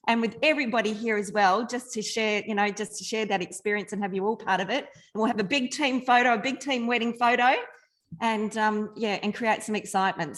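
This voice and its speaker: A woman speaking on a team video call in a heartfelt, slightly halting way. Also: medium pitch, a bit bright. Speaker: team member making an announcement. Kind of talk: casual video call speech.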